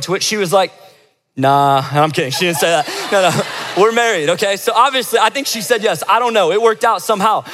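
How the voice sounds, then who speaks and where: A man's voice: high voice, a bit bright. A young man preaching to a church crowd, telling a funny story in a casual, joking way and acting out the quotes. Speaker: pastor leading a church service. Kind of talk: sermon with storytelling. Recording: long hall reverb.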